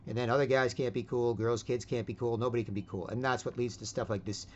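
A man's voice: medium pitch, steady tone, fast talker, darkish tone, slight background noise. A man hosting an online voice chat who rants loosely and keeps tagging his lines with "right?". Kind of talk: rambling casual rant. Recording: dull lo-fi audio.

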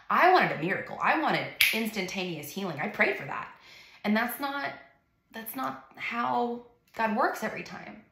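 Earnest young mother with a gravelly voice. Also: fairly low pitch, roomy sound. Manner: earnest, emotional storytelling with casual fillers. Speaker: mother sharing her story. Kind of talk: personal testimony vlog.

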